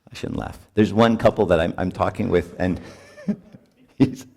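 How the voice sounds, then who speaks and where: Speaking at a marriage retreat, this priest keeps things conversational, frequently adding "right?" and laughing mid-sentence. His deep voice runs a little slow, with vocal fry and a darkish tone.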